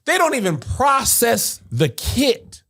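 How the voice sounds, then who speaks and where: A woman's voice: fairly high pitch, wildly swooping pitch, takes it slowly, a bit bright, slightly rough. A woman podcast host in casual discussion, arguing her points with rhetorical questions. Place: podcast studio.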